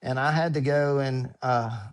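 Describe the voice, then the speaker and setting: Earnest, halting man guest. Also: mid-range voice, steady tone. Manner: earnest, halting, repeats words while searching for phrasing. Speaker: podcast guest, ultrarunner. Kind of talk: casual interview chat.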